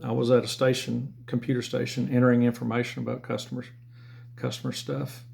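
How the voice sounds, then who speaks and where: A man's voice: mid-range voice, flat delivery, fairly quick, creaky, darkish tone. A middle-aged man with a Southern American accent, telling sales stories in a blunt, profane, rambling way. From Southern United States. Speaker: former car and motorcycle salesman. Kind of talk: casual storytelling monologue.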